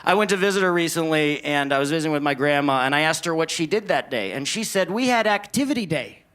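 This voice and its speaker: A man from the United States performing a self-deprecating, deadpan stand-up set on a club stage. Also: a little high, fast, clear, resonant tone. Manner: deadpan, self-deprecating, acts out others in quoted asides. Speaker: stand-up comedian. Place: comedy club stage before a laughing crowd. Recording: live club recording with audience noise.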